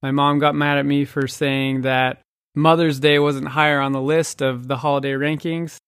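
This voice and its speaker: A man's voice: fairly high pitch, little pitch movement, moderate pace, fairly bright tone, clear, resonant tone, dry recording, clean studio sound. A man in his thirties hosting a podcast, chatting casually and laughing often as he talks. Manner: laughs often while talking. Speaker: podcast host. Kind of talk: casual chat.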